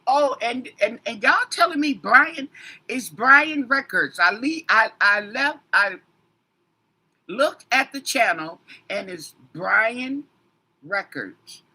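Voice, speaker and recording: A woman's voice: fairly high pitch, lively intonation, slow, bright, forceful tone, breathy edge. A woman tarot reader in a casual livestream chat, rambling and talking straight to her commenters with emphatic asides.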